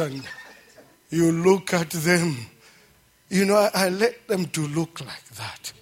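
A middle-aged man in a church service gives a heartfelt testimony, his voice sitting a bit higher than most men's. He speaks slowly and haltingly, full of feeling, and keeps breaking into fervent praise. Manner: emotional, slow and halting. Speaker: church member giving testimony. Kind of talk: emotional church testimony and prayer.

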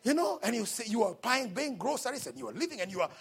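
A Kenyan man preaches a fiery sermon at a church service, dropping to near-whispers and then shouting. His voice sits very high for a man, with a husky, breathy edge and gravelly fry underneath. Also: big pitch swings, quick pace. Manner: impassioned preaching that swings between hushed asides and shouts. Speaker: pastor.

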